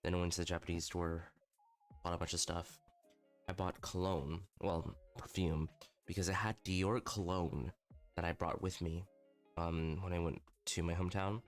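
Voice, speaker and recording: A man's voice: low voice, fairly even intonation, moderate pace, soft background music. A young man livestreaming, telling a candid night-out story with lots of swearing and self-mocking. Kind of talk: casual storytelling stream.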